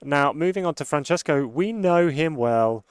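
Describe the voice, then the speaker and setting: A man giving steady, upbeat play-by-play commentary on a live card game tournament. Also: on the high side, normal speed, clean tone, dry recording, studio quality.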